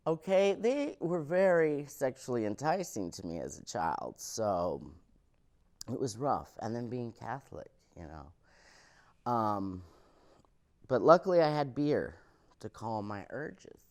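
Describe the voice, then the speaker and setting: A young man doing stand-up comedy, telling family stories with mock-confiding asides. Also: unhurried. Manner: animated, wild pitch swings, mock-confiding asides.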